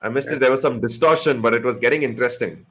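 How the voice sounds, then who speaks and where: A man's voice: medium pitch, quick pace, fairly bright tone, breathy edge. A man co-hosting a live cricket watch-along, chatting casually, joking and teasing his co-host while calling the play. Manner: joking, swears freely, teases co-host. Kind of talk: casual live-stream chat and commentary.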